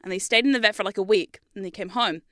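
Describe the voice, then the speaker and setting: A woman's voice: mid-range voice, fast talker, bright, forceful tone, no room sound, studio quality. A young adult woman streaming, chatting casually in a rambling way, laughing often and swearing freely.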